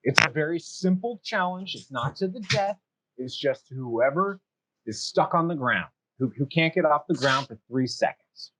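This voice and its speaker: A swaggering male tiefling in fine clothes, smug and theatrical, as a man puts him on. The voice sits higher than plain talk and carries more punch. It has the showy confidence of a bar-room challenger. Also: animated, normal speed, sharp tone, low-quality recording. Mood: cocky. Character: dashing, cocky male tiefling brawler.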